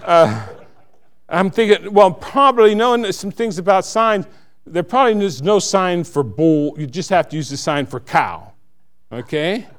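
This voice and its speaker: A man's voice: high voice, animated, unhurried. A man giving a church testimony, earnest and self-mocking, laughing at his own stories.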